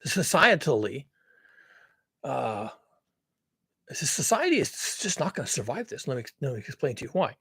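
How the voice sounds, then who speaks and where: A man's voice: medium pitch, big pitch swings, moderate pace, vocal fry, pauses often, pushed and bright, slightly rough, no echo. A man talking to camera in a casual monologue, sardonic, blunt and profane, often laughing. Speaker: climate commentary vlogger.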